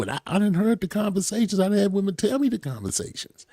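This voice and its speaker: A man co-hosting a casual commentary show, loud and animated, laughing and talking in slang. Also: sits high, quick pace, hardly any pauses, dry recording, studio quality. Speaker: co-host.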